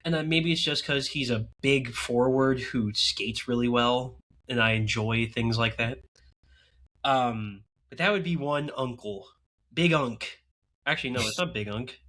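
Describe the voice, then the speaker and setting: A man chats loosely on a podcast with a bright, forceful tone. He jokes and teases sarcastically as he talks. The delivery stays relaxed and conversational. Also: medium pitch, unhurried. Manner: joking, sarcastic banter. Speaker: podcast co-host. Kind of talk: casual hockey podcast chat.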